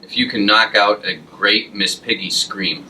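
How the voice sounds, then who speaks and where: A man's voice: on the low side, unhurried, pushed and bright, a little hiss or hum, low-quality recording. A man co-hosting a casual podcast, riffing on goofy tangents and pop-culture references. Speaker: podcast co-host. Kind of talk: casual chat.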